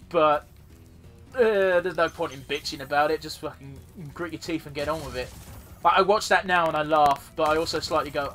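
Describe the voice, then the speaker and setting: A man's voice: on the high side, normal speed, fairly bright tone, faint music behind. A man casually commentating his own gameplay as a let's play host, rambling and swearing freely.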